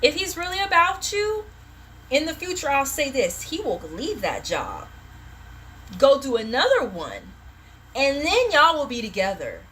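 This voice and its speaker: High, bright-voiced woman, fiery and profane. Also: huge pitch swings, unhurried, slight background noise. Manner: passionate, blunt and profane. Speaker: tarot reader. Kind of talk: live-stream tarot reading.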